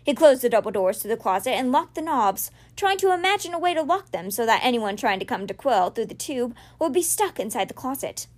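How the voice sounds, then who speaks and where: A woman hosting a podcast, reading a children's novel aloud with expressive storytelling. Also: a little high, fairly quick, hardly any pauses. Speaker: podcast reader.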